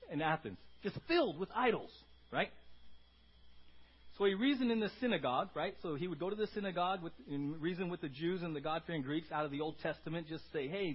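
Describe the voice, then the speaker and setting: A pastor giving a conversational sermon, often tagging points with "right?" and moving between loud emphasis and quiet asides. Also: male voice, high-pitched, breathy edge, lo-fi sound.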